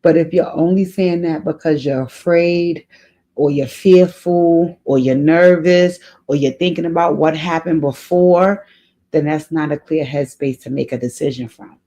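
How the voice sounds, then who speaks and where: Speaking in a deep, warm, unhurried voice, a woman hosts an advice vlog and talks earnestly to a letter writer. She often repeats her key phrases and grows emotional.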